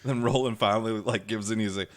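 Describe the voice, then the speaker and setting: Male podcast co-host, lower voice, relaxed movie-review chat, quick to laugh. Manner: laughs often while reading out film quotes.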